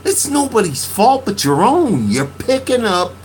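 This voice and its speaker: A man's voice: sits high, big pitch swings, measured pace, a little hiss or hum, low-quality recording. A man telling a story in a casual podcast monologue, profane and laughing, venting his emotions. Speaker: podcast host.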